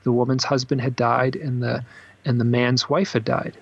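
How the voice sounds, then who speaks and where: A man's voice: moderate pace, creaky, husky, highs cut off. A man being interviewed as an author, telling stories at length and acting out what people said. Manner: animated storyteller, acts out quotes with bursts of high pitch. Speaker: author and guest. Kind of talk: storytelling in a podcast interview.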